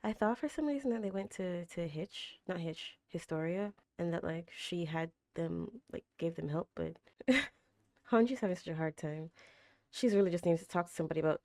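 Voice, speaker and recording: A young woman hosting an anime reaction, chatting casually with a tired, slightly raspy throat and bursting into gasps and exclamations. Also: on the low side, normal speed, no room sound, clean studio sound. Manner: animated, gasps and exclaims loudly, chatty with fillers.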